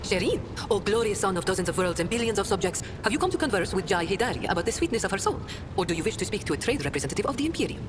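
Woman doing sly flirty smuggler lady in a game, talks fast and teasing, swoopy pitch. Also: very animated, close to an everyday voice. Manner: teasing, playful. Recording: game audio with clear background noise.

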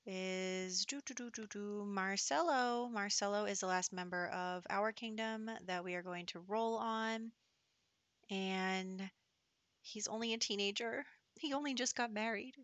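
A woman's voice: mid-range voice, pushed and bright, no echo. A woman giving casual, chatty commentary over her gameplay, giggling often and slipping into whispered asides.

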